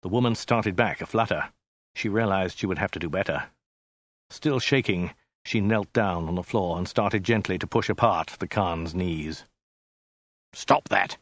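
A man reading a story aloud in a dry, deadpan narrating manner. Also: low-pitched, normal speed, no room sound. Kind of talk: scripted narration.

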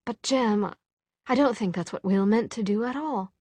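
A woman's voice: on the high side, moderate pace, darkish tone, dry recording, pitched above the performer's own voice, natural voice. A woman reading as an anxious young woman, urgent and pleading.

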